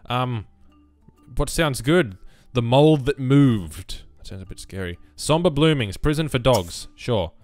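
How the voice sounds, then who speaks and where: A young man giving casual let's play commentary, muttering through menu choices with sudden loud bursts of excitement. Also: mid-range voice, unhurried, no room sound, soft background music. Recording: noisy background with game rain.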